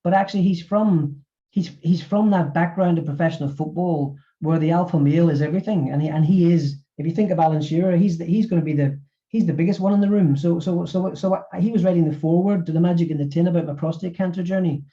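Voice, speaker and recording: A middle-aged man, an author and former physiotherapist, speaking in a webinar interview and talking haltingly with many repeated words. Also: on the high side, warm tone, muffled recording.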